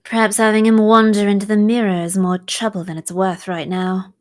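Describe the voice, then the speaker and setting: A woman's voice: mid-range voice, flat delivery, fairly quick, darkish tone, lightly acted. A woman voicing a cold, aloof young witch while reading a visual novel aloud, in a curt and icy manner.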